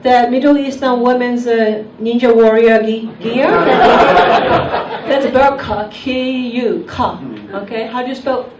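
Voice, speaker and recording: A Japanese woman performs stand-up in a deadpan way, her English a little broken. She speaks slowly in a fairly high voice. The recording is roomy and taken from some distance, with the crowd noise clearly heard. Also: highs cut off. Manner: deadpan, slightly broken English with comic pauses. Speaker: stand-up comedian. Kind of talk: stand-up comedy set. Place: comedy club stage. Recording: echoey venue mic heard from a distance, audience noise. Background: audience laughter.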